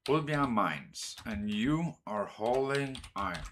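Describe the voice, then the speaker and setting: Speaking at medium pitch with an expressive, fairly bright tone, this gaming streamer from Denmark unhurriedly thinks aloud while arranging train routes. His Danish accent comes through as he talks to his trains and curses or exclaims at mistakes. A slight hiss or hum is audible.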